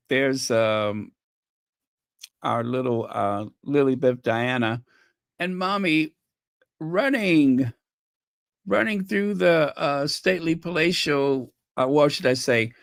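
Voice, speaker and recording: A woman's voice: a bass voice, gravelly, no echo, clean studio sound. A woman hosting a fan channel livestream, chatting casually, thinking aloud and reading out viewer comments. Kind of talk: casual chat reacting to clips and viewer comments.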